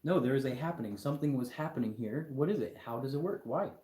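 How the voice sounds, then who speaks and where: A man's voice: medium pitch, animated, quick pace, mellow, reverberant, a little hiss or hum. A young man hosting a live stream, lecturing his chat viewers in an argumentative, mocking way. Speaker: livestream host.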